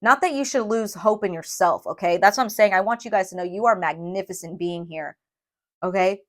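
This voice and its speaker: Woman tarot reader, mid pitch, emphatic and emotional, talks straight to camera. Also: moderate pace. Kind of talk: tarot reading.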